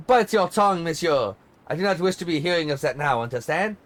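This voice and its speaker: A man's voice: on the high side, animated, fairly quick, a bit bright, voice pushed up. A pompous superstar diva, as a man playing her puts it on with a fake French accent and the twisted grammar of someone who thinks herself above everyone. She speaks with haughty, lofty grandeur, in a game read-along. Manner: haughty, grandiose, odd word order. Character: pompous eccentric female pop superstar.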